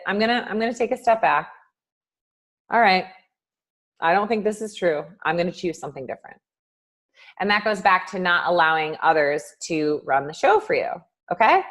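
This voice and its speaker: A woman life coach gives a casual motivational talk on a live stream. She acts out inner voices with big shifts in pitch and volume, and says "um" a lot.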